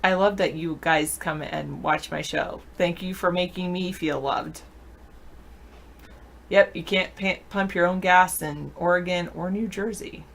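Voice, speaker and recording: A woman's voice: lowish voice, steady tone, measured pace, gravelly. A woman co-hosting a live online show, chatting casually and answering viewer questions aloud. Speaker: show co-host reading chat. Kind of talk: casual live-stream chat.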